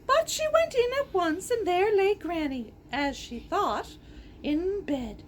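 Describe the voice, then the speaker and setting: A woman reads a fairy tale aloud in a very high, lively voice, taking her time over each line. She reads with animation, gasping and dropping in playful asides, and there is a faint hiss behind her. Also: slow. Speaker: storyteller.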